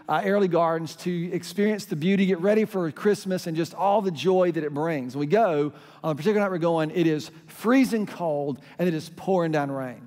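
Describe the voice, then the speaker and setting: A man's voice: sits high, a little mellow. A middle-aged man, preaching a sermon as pastor and telling stories that lead into crowd call-and-response. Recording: hall reverb.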